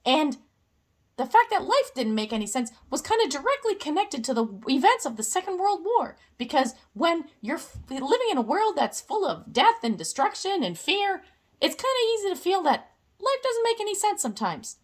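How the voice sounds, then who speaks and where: A woman's voice: extremely high pitch, sing-song, moderate pace. A young woman giving a casual, playful explainer with jokey asides.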